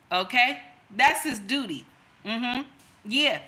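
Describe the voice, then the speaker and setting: Casual commentary from a woman host, repeats lines for emphasis, kinda high bright voice. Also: a little slow. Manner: emphatic, repeats phrases for effect, preachy. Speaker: reaction video host.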